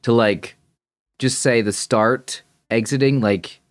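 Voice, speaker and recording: A man's voice: medium pitch, steady tone, slow pace, no echo, clean studio sound. A man thinking aloud as he reacts to a puzzle video, rambling and correcting himself as he goes. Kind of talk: casual thinking-aloud commentary.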